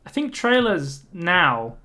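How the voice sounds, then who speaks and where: A man's voice: high voice, slow. A young man co-hosting a podcast, chatting casually and reading out game news with frequent ums. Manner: relaxed, reads out news with many ums. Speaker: podcast co-host. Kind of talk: casual chat.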